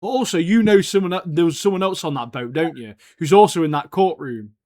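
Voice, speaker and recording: A young man co-hosting a podcast, talking in excitable, slangy casual chat and saying "mate" a lot. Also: a little high, a little fast, no room sound, clean studio sound. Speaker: podcast co-host.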